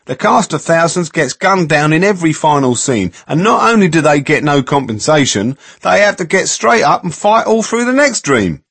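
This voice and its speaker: A man voicing a cynical, brisk shop steward with a challenging manner, in a storybook reading. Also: on the high side, very animated, creaky, fairly bright tone, husky, dry recording, pitched above the performer's own voice, full character voice.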